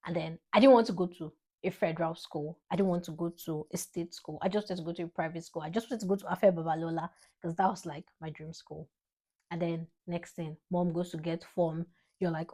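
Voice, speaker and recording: A woman's voice: on the low side, a little fast. Emotional young Nigerian woman. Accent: Nigerian English. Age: young adult. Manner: emotional, rambling, animated spikes of excitement. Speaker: vlogger. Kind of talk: heartfelt tribute to her father.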